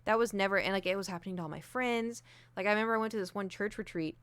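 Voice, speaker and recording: A woman's voice: mid-range voice, rapid-fire, a bit bright, clear, resonant tone, no room sound. A young adult woman streaming, chatting candidly and self-deprecatingly with lots of fillers. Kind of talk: casual chat. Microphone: desk mic with ring light.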